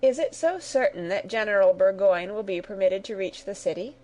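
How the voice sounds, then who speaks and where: A woman's voice: mid-range voice, moderate pace, warm tone, close to an everyday voice. A woman voicing a playful, good-humoured teenage girl in a read-aloud story. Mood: teasing. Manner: playful, teasing.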